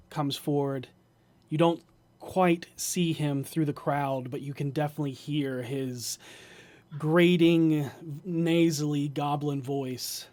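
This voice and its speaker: Man, game master, unhurried, fairly high voice, measured and descriptive. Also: darkish tone. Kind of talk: narrating a tabletop game.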